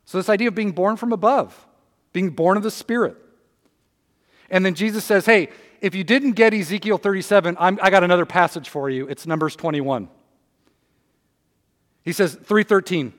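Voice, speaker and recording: High-voiced man preaching in a reverberant hall. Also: fairly quick. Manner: animated, reads scripture aloud with emphasis, conversational asides. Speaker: pastor. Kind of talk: sermon.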